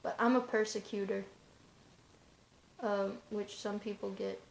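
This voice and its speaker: A woman talks straight to camera in a casual vlog, her gravelly, creaky voice staying flat in pitch at an unhurried pace. She rambles offhandedly in loose, run-on asides. The room sounds roomy and echoey, with a little hiss or hum.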